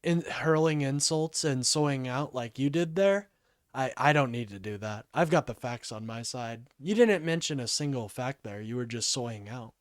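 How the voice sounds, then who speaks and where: A man hosting a casual political livestream with call-ins, talking haltingly and apologizing often. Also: medium pitch, no room sound, clean studio sound.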